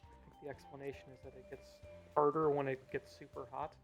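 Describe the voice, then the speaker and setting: A man's voice: medium pitch, little pitch movement, a little fast, lo-fi sound, soft background music. A man giving casual speedrun commentary, explaining mechanics with hesitant fillers.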